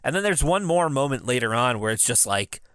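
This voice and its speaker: A man's voice: medium pitch, very animated, fairly quick, fairly bright tone, clean tone, no echo, clean studio sound. A man in his thirties co-hosting a podcast, recapping episodes in a laughing, enthusiastic casual chat. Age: 30s. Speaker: podcast co-host.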